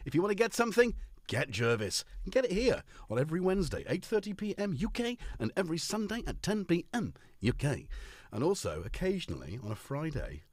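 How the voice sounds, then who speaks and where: A man's voice: a little high, no echo, clean studio sound. Chatty British man hosting a stream. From United Kingdom. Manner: chatty and jokey, greets viewers by name. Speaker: host. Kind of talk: casual live-stream chat. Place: home studio. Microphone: headphones on, studio mic.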